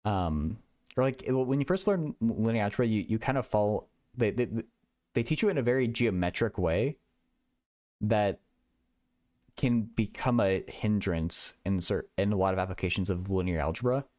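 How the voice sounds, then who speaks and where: A man's voice: on the low side, animated, normal speed, a little mellow, dry recording, clean studio sound. A young man hosting a casual livestream, thinking aloud in a rambling way with many stammered restarts. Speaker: livestream host.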